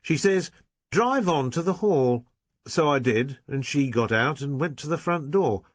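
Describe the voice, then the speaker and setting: A man's voice: fairly high pitch, animated, a little slow, no echo, voice pushed up. Man voicing humble talkative driver, storybook read, dry. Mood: chatty. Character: plain-spoken male chauffeur, working class.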